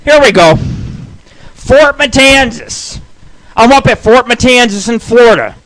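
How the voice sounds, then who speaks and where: A man rambles through profane tales on his radio show. His voice sits high and bright, and he swears nonstop as he talks. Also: expressive, unhurried. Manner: crude, rambling, heavy swearing. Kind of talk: profane storytelling monologue.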